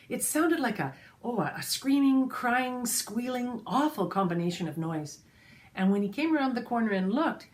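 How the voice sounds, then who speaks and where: A woman storyteller telling a folk tale to children, expressive and speaking straight to her listeners. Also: mid-range voice. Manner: expressive, addresses listeners directly.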